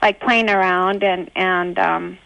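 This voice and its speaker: A woman's voice: fairly low pitch, steady tone, takes it slowly, gravelly, a bit bright. A woman calling in to a radio advice show, speaking hesitantly with lots of fillers. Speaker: caller. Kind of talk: phone call to radio show. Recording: muffled phone line.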